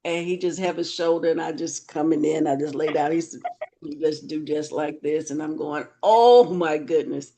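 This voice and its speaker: A woman hosting a casual chat, telling stories in an animated way, her voice jumping up when she gets excited. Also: sits low, fairly quick, background noise. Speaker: host.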